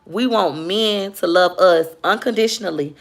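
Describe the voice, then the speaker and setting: A young woman, chatting candidly on a casual livestream. Her voice sits slightly low and has a gravelly, fry-edged texture. She talks openly with her viewers and reads out their comments as she goes. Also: moderate pace. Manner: chatty, candid, animated when retelling. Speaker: vlogger reading viewer comments.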